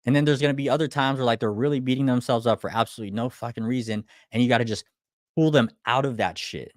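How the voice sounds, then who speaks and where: A man's voice: medium pitch, fast, dry recording, studio quality. A young man, an online business coach, talking bluntly and with plenty of profanity on a casual livestream. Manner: blunt, profane, acts out clients' lines.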